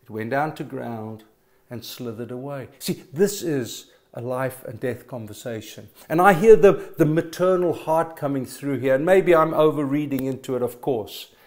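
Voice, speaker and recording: A man's voice: medium pitch, normal speed, a little mellow. A middle-aged man preaching a sermon, telling stories with emphatic stammered restarts. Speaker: pastor.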